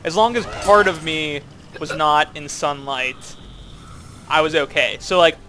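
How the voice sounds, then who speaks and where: A man's voice: fairly high pitch, unhurried, pushed and bright, a little hiss or hum. A man chatting casually while playing a co-op game, rambling playfully with lots of fillers. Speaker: co-op gameplay commentator. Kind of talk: casual gaming chat.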